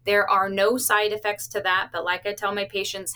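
Her voice is mid-range with little pitch movement, normal speed, and a bright, forceful tone. She's a cardiac stress test staff member giving interview answers plainly and cheerfully, with small laughs and playful patient quotes.

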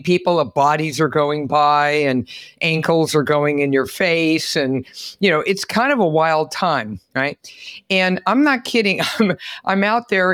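Animated, chatty woman podcast host. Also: low-pitched, no room sound, clean studio sound. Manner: animated, chatty storyteller, exclaims. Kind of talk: casual interview chat.

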